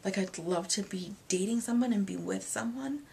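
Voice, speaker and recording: A woman in her thirties, a single mom, talking candidly in a confessional vlog, rambling and hesitant, with many pauses and fillers. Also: mid-range voice, gravelly, a little mellow, breathy edge. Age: 30s. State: emotional, near tears at moments. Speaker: vlogger.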